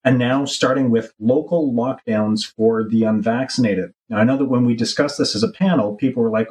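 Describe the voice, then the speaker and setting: A man's voice: medium pitch, steady tone, moderate pace, few pauses, darkish tone, rough recording. Male podcast co-host, probing questions, mid-range voice. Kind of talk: casual panel discussion.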